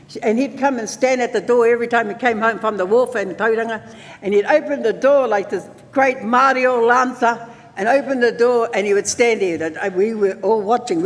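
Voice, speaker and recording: High-voiced older man telling stories. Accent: New Zealand. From New Zealand. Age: 70s. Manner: lively storyteller mixing in Māori words. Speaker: conference speaker. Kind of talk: storytelling talk at a conference. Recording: long hall reverb.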